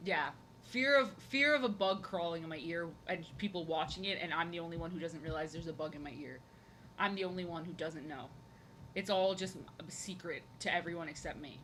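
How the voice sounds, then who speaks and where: A woman's voice: fairly low pitch, fairly quick, a bit bright, a little hiss or hum, rough recording. A young woman chatting casually and playfully while drawing on a live stream, rambling and repeating her phrases.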